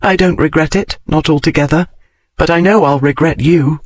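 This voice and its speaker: A man voicing a determined young gentlewoman in his plain reading voice. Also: a little high, normal speed, no echo, natural voice.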